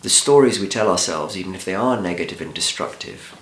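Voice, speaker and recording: A man who works as a therapist, giving a calm, measured talk that opens with a story. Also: low-pitched. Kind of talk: scripted talk. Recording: roomy echo.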